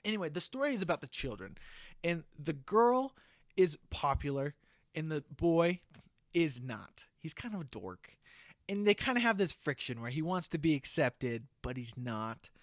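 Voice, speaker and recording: A man on a podcast pitching a movie idea like a comic storyteller, checking in with "okay?" after almost every phrase. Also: very animated, moderate pace, dry recording, studio quality. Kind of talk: casual comedic pitch.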